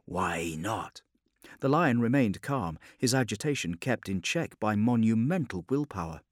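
A man narrating a science fiction audiobook in a measured, grave storytelling manner. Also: medium pitch, animated, no echo, clean studio sound. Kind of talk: scripted dramatic narration.

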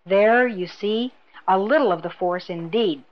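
A woman's voice: medium pitch, a little slow, close to an everyday voice. A woman voicing a shrewd, half-mad old woman who speaks in a sly, mocking, knowing way, in a storybook reading. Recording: dull lo-fi recording.

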